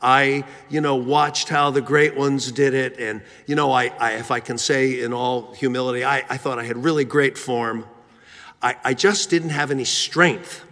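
A man's voice: mid-range voice, steady tone, moderate pace, bright, forceful tone. A man from Philadelphia telling a humorous, self-mocking story in a sermon, with frequent fillers and restarts. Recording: reverberant church hall.

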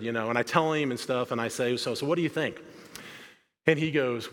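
A man's voice: medium pitch, moderate pace, pushed and bright. A man giving a sermon as a guest preacher, telling stories in a conversational, self-deprecating way with frequent restarts. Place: large church sanctuary. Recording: long hall reverb.

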